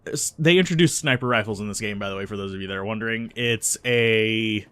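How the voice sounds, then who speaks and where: A man's voice: on the low side, fairly quick, pushed and bright, clear, resonant tone. A man hosting a let's play, musing casually over a role-playing game and reading its text aloud, with frequent ums. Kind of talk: casual gameplay commentary.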